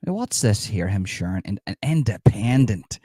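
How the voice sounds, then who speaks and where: A man's voice: fairly low pitch, sing-song, normal speed, mellow, breathy edge, dry recording, clean studio sound. A man doing a sarcastic impression of a smug, mock-outraged politician, mocking comments in a live stream. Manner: sarcastic, mocking, reads comments and scoffs at them.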